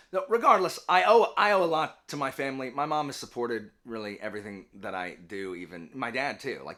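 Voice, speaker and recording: A man's voice: mid-range voice, pushed and bright. A man in his late thirties with a Southern US accent, chatting casually to camera as a vlogger and teacher, rambling with many restarts and asides. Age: late 30s. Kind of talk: casual personal chat to camera.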